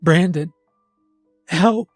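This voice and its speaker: A frightened teenage boy begs through a locked door, as a man puts him on. His voice is raised and much higher, strained with whimpering panic in a dry, close horror-story reading. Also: little pitch movement, unhurried, no room sound, faint music behind. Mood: terrified. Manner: pleading, whimpering. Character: terrified teenage boy begging for help.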